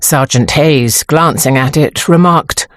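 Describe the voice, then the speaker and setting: A woman narrating an audiobook in a measured, expressive storytelling manner, close to the microphone. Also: low voice, no room sound. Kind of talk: scripted narration.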